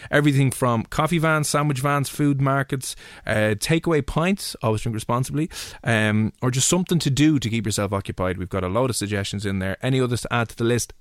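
A man's voice: medium pitch, fairly quick, few pauses, dry recording, clean studio sound. A man with an Irish accent hosting a casual radio chat show, teasing his co-host and acting out voices in his stories. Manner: teasing, puts on voices in anecdotes. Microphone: studio mic.

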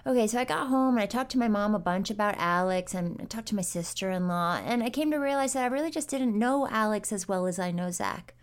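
A woman's voice: medium pitch, fast, hardly any pauses, clear, resonant tone. Candid, profane woman podcast host. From New York State, US. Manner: candid, profane, animated storytelling. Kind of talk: casual narration and chat.

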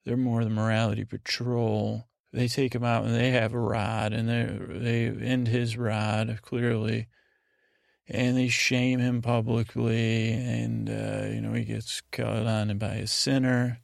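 A man hosting a sleep podcast, recapping a TV episode in a meandering, hesitant way, often breaking into quick impressions of the characters. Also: mid-range voice, little pitch movement, vocal fry, no room sound, studio quality. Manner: meandering, hesitant, acts out scenes in quick voices. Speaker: podcast host.

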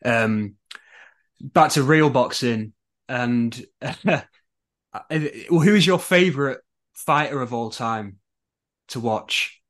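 Chatty podcast host. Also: male voice, medium pitch, takes it slowly, long pauses, a bit bright. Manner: chatty, jokey, hesitant fillers. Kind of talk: casual podcast interview.

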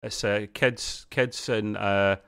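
A man's voice: on the low side, fairly even intonation, slow, creaky, fairly bright tone, clean tone. A man co-hosting a podcast, rambling through a casual TV episode review with frequent restarts. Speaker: podcast co-host.

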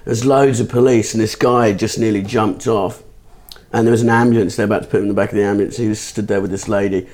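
Man, comedian guest, casual podcast chat, animated storytelling, swears freely. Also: lowish voice. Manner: animated, swearing, quick asides.

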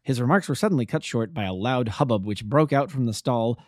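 A man's voice: medium pitch, animated, a little mellow, dry recording, studio quality. Man reading a classic detective tale. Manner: measured storytelling, voices the characters. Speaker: amateur audiobook narrator.

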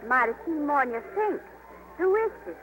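An actress playing a jealous, teasing young woman, coy and sharp-tongued, in a 1950s radio drama. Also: high voice, expressive, normal speed. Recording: hissy 1950s radio broadcast.

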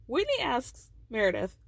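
A woman hosts a casual recap podcast, chatty and amused, peppering her story with "like." Her voice sits a bit high. The sound is close and dry. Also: huge pitch swings, slow, vocal fry, dry recording. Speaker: podcast host.

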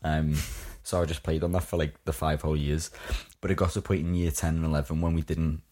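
A man's voice: extremely low pitch, little pitch movement, fast talker, mellow. A young man from England chatting casually, recounting school memories with frequent fillers and laughs. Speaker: guest telling school stories. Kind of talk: casual chat.

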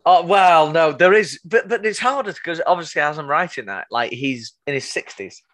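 A man's voice: fairly high pitch, expressive, normal speed, a bit bright. A man in casual chat who stumbles and repeats words as he starts his thoughts. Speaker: screenwriter.

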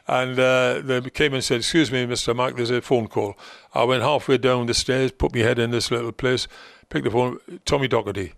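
A man's voice: mid-range voice, fairly even intonation, moderate pace, gravelly, few pauses, no echo, studio quality. An older man, a former football manager, telling rambling stories in conversation and acting out other people's lines. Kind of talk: anecdotal storytelling in conversation.

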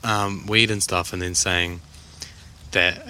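A man's voice: low voice, fairly even intonation, takes it slowly, pauses often, pushed and bright, slight background noise. A young man, co-hosting a casual podcast chat in a laid-back, slangy way. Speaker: podcast co-host.

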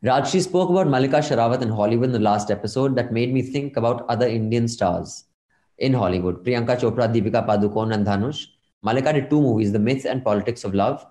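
A man's voice: medium pitch, quick pace, warm tone, reverberant. A man hosting a podcast in casual chat, reading listener emails aloud and adding his own asides. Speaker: podcast host.

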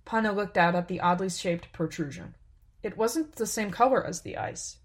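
A woman narrating a story in a calm, unhurried, even way. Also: mid-range voice. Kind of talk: scripted narration.

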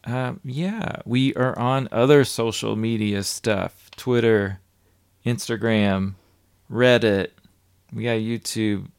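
Chill woman cohost, low-ish gravelly voice, dry close sound, rambly. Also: steady tone, slow pace, no echo. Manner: laid-back, rambling, reads shout-outs. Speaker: podcast co-host. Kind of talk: casual chat.

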